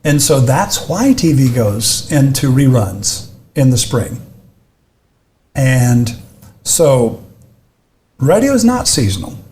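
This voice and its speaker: A man's voice: medium pitch, big pitch swings, takes it slowly, pauses often, a little mellow, slight background noise. Older man explaining with emphasis. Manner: emphatic, explains step by step with acted-out quotes. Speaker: advertising expert guest. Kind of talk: conversational teaching.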